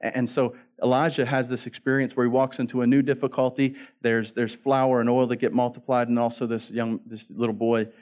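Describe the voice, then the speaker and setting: A man's voice: medium pitch, flat delivery, fairly quick, few pauses, a little mellow. A man pastor preaching a sermon in a casual, joking way, acting out the story as he goes. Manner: casual, joking preacher who acts out the story in quoted voices.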